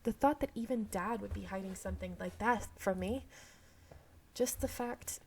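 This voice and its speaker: Gravelly-voiced woman reading a game aloud. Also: mid-range voice, mellow, slight background noise. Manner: reads narration, stumbles and self-corrects, laughs at herself. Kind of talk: reading a visual novel aloud with asides.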